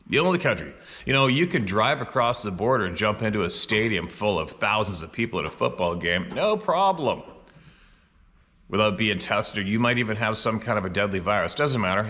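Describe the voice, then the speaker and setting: A man's voice: on the low side, bright, forceful tone. A middle-aged man from Canada hosting a show, talking casually and bluntly, swearing freely and getting fired up as he talks. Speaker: show host. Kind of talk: casual monologue.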